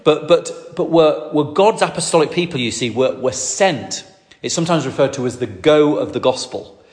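Preacher echoing through a hall. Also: male voice, fairly high pitch, animated, normal speed, a little mellow. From Lancashire, England. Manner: repeats words and restarts, emphatic. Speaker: preacher, ordained minister. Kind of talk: sermon. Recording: long hall reverb.

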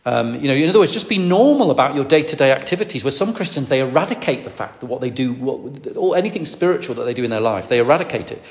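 A man's voice: medium pitch, animated, fast talker, hardly any pauses. A man from northwest England, an evangelist teaching in a rambling storytelling way with many restarts. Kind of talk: sermon teaching. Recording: echoey hall.

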